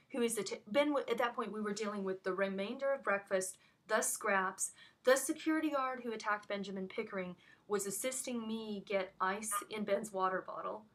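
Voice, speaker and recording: A woman's voice: mid-range voice, moderate pace, fairly bright tone. A woman giving an emotional first-hand account of an incident, speaking urgently with frequent restarts. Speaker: witness recounting an incident.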